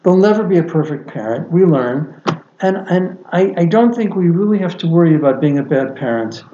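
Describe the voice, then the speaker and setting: A man in his sixties, a podcast guest and father, telling a reflective story earnestly with lively swings in pitch. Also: a little fast, background noise. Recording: echoey, dull lo-fi sound.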